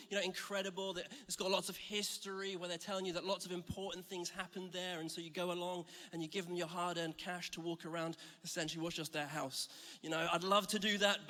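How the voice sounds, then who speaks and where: A man's voice: sits high, pushed and bright. A man giving a chatty, joking sermon to a church, telling stories with self-deprecating humour. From Scotland. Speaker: church speaker. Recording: reverberant hall.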